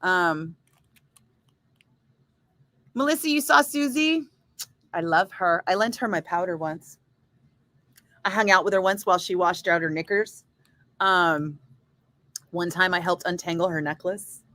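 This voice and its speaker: Bright-voiced woman, chatty storyteller. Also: fairly low pitch, measured pace, long pauses. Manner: chatty storyteller, swears freely, acts out voices. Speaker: radio DJ chatting with livestream viewers. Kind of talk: casual chat.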